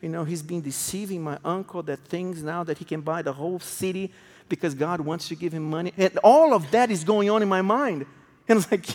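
Male preacher, high-pitched, emotional storytelling sermon, long hall reverb. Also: a little fast. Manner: emotional, swings from hushed to raised.

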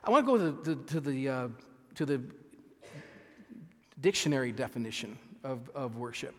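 Earnest pastor preaching in a reverberant hall. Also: male voice, on the high side, big pitch swings, fairly bright tone. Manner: earnest, halting with frequent restarts, reading scripture slowly with emphasis. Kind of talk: sermon.

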